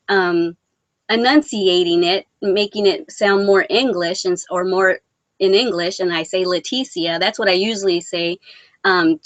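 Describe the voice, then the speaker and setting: A woman's voice: medium pitch, a bit bright, no echo. Giggly chatty woman live-streaming. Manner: chatty and giggly, laughs often; rambling with many restarts and fillers. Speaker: vlogger hosting a live crochet chat. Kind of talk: casual live-stream chat reading viewer comments.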